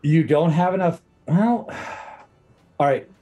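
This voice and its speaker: A man's voice: on the high side, lively intonation, slow pace, warm tone, muffled recording, soft background music. Man narrating as game master.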